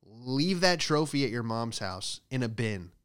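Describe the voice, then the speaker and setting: A young man riffing through a comic monologue, swearing freely and jumping between stories. His voice is smooth and resonant at a middle pitch. He talks casually, with bursts of animated storytelling. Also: unhurried. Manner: profane, animated storytelling with loud acted outbursts. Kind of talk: rambling comedic monologue.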